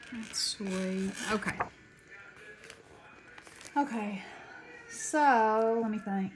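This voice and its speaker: Slow, gushing Southern woman. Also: medium pitch, background noise. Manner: chatty, gushing, Southern-friendly. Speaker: craft vlogger. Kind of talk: casual haul chat. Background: paper crinkling.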